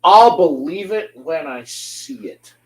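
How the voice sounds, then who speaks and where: A man's voice: a little high, expressive, slow, darkish tone, low-quality recording. A man hosting an interview show, teasing his guest in an easygoing, casual chat. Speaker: show host.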